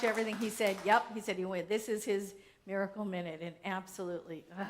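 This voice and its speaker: Excited woman sharing good news at church. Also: medium pitch, normal speed, over a noisy crowd, heavy background noise. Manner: excited and emotional. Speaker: service presenter. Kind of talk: casual church service talk.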